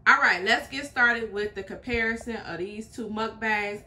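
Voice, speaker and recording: A woman's voice: fairly high pitch, moderate pace, sharp tone. A woman hosting a reaction video, commenting in a chatty, emphatic way and repeating her points. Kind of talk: casual commentary.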